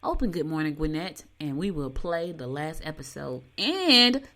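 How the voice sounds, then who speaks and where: Bright-voiced woman host. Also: deep voice, normal speed. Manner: folksy, animated storytelling with Southern US speech. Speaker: podcast host. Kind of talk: casual chat.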